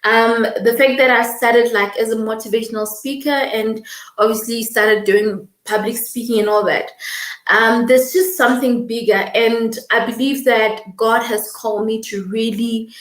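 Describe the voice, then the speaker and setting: A young woman hosting a casual livestream, greeting viewers by name and talking warmly and quickly about her channel and purpose. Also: fairly high pitch, steady tone, roomy sound. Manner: warm, effusive, reads viewer comments aloud; fast-talking, emotional, laughing. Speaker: livestream host.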